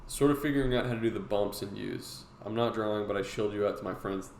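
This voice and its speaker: A man's voice: lowish voice, quick pace, vocal fry, darkish tone. A man hosting a live-stream drawing tutorial, chatting casually and rambling with lots of fillers. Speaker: streamer and artist teaching drawing. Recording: roomy with faint noise.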